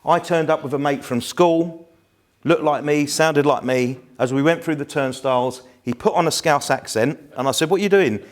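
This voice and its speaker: A man's voice: on the high side, steady tone, moderate pace. London guy in his 50s giving a talk, chatty, full of stories, room audience. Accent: South East London. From England. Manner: chatty, anecdotal, self-deprecating. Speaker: lecturer. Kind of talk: live lecture to an audience. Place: lecture room.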